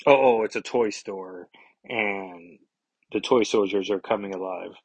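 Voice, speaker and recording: A man's voice: on the low side, measured pace, slightly rough, no echo, dull audio. A man hosting a podcast, casually recapping a comic book with wry, chatty asides. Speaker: podcast host.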